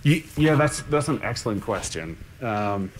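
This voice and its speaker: A man with a somewhat low voice answers questions on a conference panel. He thinks aloud, restarts his sentences and keeps checking in with "right?". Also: sing-song, unhurried, slight background noise. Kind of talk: unscripted panel discussion.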